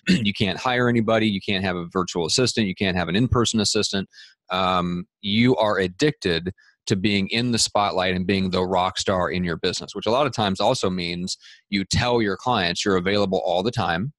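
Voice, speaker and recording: A man's voice: low-pitched, a bit bright, no room sound. A man hosting a podcast interview, setting up a question in a conversational way with fillers. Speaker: podcast host.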